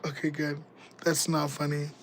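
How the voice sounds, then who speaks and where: A woman's voice: low voice, monotone, normal speed, a little hiss or hum, rough recording. A woman, hosting a casual livestream and chatting in a giggly, rambling, joking way. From Canada. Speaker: livestream host.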